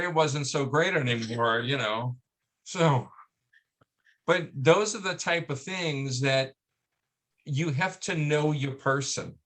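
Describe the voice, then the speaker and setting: Man on a radio show, talks real slow, stops to hunt for words, dry jokey humor. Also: a little high, expressive, pushed and bright. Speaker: guest. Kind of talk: radio interview.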